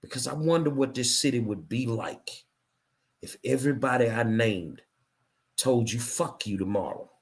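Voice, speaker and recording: Hosting his own program, a middle-aged man launches into a furious, forceful monologue built on relentless repetition. His voice sits at a medium pitch and moves at normal speed.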